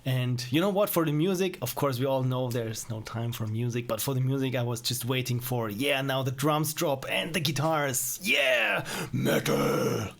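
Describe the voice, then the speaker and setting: A man's voice: medium pitch, moderate pace, few pauses. A young man streaming and reviewing small indie games, chatting casually with a rambling, self-mocking manner and frequent chuckles. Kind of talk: casual live-stream commentary.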